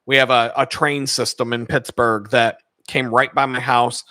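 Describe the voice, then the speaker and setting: Animated, profane storytelling man. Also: mid-range voice, moderate pace, dry recording. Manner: animated, profane, acts out the people he quotes. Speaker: channel host telling a personal story. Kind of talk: casual storytelling.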